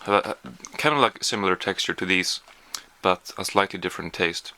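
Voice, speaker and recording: A man's voice: deep voice, a little fast, bright, forceful tone. A man chatting casually through a taste-test vlog, hesitant with lots of fillers, sometimes talking while chewing. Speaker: vlogger.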